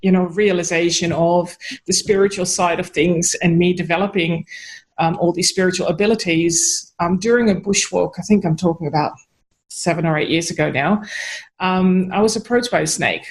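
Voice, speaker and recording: A woman, a podcast guest, telling a personal story in an animated way and laughing often. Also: fairly low pitch, normal speed, rough recording. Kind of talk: conversational storytelling.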